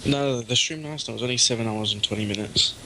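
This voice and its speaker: A man's voice: medium pitch, fast talker. A man, bantering casually and laughing with a friend on a voice call. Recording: noisy voice-chat audio.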